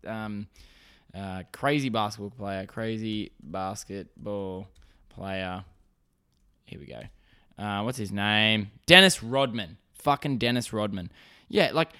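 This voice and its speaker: Man, Australian accent, podcast host, solo rant, sweary, rambling, mid pitch. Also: fairly bright tone. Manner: profane, rambling, ranting.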